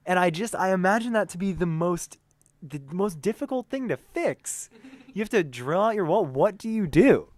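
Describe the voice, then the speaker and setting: An American man, a tour manager, chatting in an interview in an animated, joking way. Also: high-pitched, normal speed. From United States. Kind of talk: casual interview chat.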